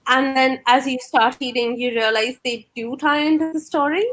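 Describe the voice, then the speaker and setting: A woman takes part in an online book club chat. Her voice is somewhat high. She talks haltingly, repeating small words as she works out what to say. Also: steady tone, fairly bright tone. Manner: halting, repeats words while finding phrasing. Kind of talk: casual online book discussion. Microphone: video call.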